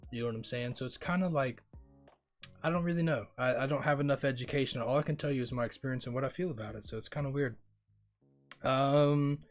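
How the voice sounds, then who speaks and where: Rambling young man streamer with music. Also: mid-range voice. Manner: rambling, talks straight to chat, says bro often. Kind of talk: casual chat reading viewer comments.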